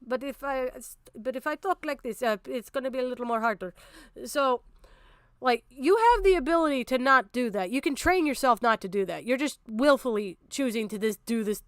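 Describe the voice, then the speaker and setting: Woman, livestream commentary, profane, ranting, smooth voice, dry close mic. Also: fairly high pitch, fairly bright tone, dry recording. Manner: blunt, swearing, ranting, mocking impressions. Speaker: streamer commenting on a video.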